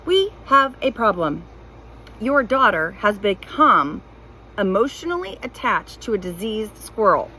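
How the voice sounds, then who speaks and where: A woman reading a storybook aloud, voicing a stern, practical mother who talks slowly and insistently. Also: mid-range voice, sing-song, sharp tone, slight background noise, rough recording. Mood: worried. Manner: slow, insistent, spells words out. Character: stern, practical, impatient middle-aged mother.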